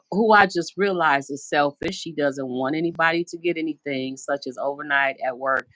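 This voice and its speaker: A woman's voice: low-pitched, fairly bright tone, dry recording. A middle-aged American woman hosting a casual live stream from home on her phone, rambling through stories and acting out the voices of people she quotes. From United States. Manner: chatty, rambling storyteller who acts out quoted voices. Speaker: livestream host. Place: at home indoors.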